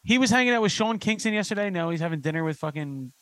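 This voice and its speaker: A man hosting a podcast who talks fast, with jokes and plenty of swearing. His voice sits a little high, and the dry, close recording keeps him up front. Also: lively intonation, a bit bright, dry recording. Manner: fast, jokey, swears freely. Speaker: podcast host. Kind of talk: casual chat.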